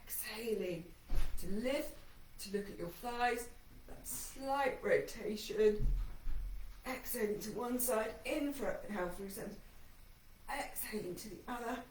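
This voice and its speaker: A woman's voice: fairly high pitch, measured pace, long pauses, far from the mic, a little hiss or hum. Woman coaching a mat workout, echoey. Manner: encouraging cues paced to breathing, slightly breathless. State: shaky voice from exertion. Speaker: fitness instructor. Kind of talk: guided workout instruction.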